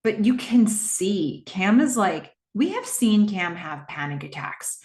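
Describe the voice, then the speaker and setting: A woman hosting a podcast, recapping a TV episode in a reflective way and asking her listeners what they think, with frequent fillers. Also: medium pitch. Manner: reflective, asks listeners questions; narrates scenes with frequent fillers. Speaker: podcast host. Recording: echoey room.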